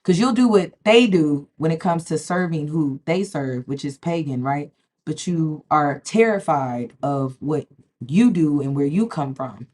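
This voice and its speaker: Talking directly to camera, this woman has a low-pitched, expressive, slightly mellow voice and goes a little slow. Her spiritual vlog is casual yet emphatic, with repeated words and frequent "okay?" check-ins.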